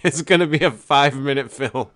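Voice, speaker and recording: Man talking in halting, profane bursts. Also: mid-range voice, a bit bright. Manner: halting, profane, many restarts. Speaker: podcast host. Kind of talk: casual uncensored chat.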